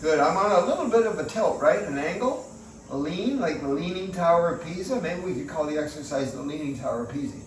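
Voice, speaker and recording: A man's voice: fairly high pitch, expressive, fairly quick, slight background noise. Chatty man, echoey room, distant mic. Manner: chatty, folksy, jokey asides to himself. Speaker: fitness instructor. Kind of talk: exercise demonstration. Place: at home in a bedroom and by a doorway.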